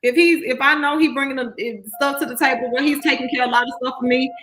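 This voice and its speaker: A woman co-hosting a casual chat, blunt and quick to laugh, repeating her point until she gets it across. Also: sits high, fairly even intonation, bright, forceful tone. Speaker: co-host.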